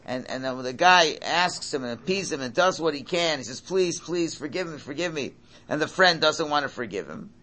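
A man's voice: medium pitch, pushed and bright. A man giving a Torah class lecture, emphatic, often repeating and restarting his phrases. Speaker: Torah teacher.

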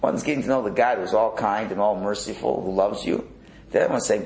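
This is a man with a low voice and gravel in it, teaching in an echoey room with a faint hiss behind him. He tells stories with lively energy and acts out the characters he describes. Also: fairly quick. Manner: animated storytelling, acting out characters. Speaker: religious teacher. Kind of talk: Torah lecture.

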